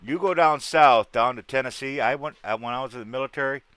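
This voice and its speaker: A man's voice: mid-range voice, fast, fairly bright tone, smooth, no echo. A man from Wisconsin chatting casually with his livestream viewers in a rambling, folksy way, with a salty word here and there.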